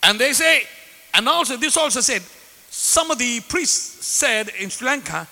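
A man preaching a sermon as a pastor, impassioned and fervent, at times breaking into shouts. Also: extremely high pitch, animated, unhurried, creaky, big-room sound.

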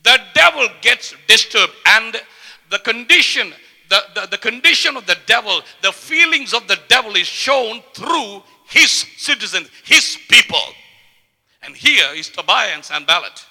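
A man preaching a sermon with passion, often repeating words and swinging from quiet to loud. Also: extremely high pitch, big pitch swings, moderate pace. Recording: long hall reverb.

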